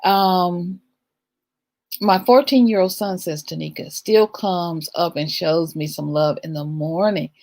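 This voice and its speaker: A woman's voice: on the low side, a little slow, a little mellow. A middle-aged woman hosting a livestream, giving an emphatic spiritual talk and often asking "right?". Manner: emphatic, rhythmic, repeats "right?". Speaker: livestream host. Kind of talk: spiritual talk to a live audience.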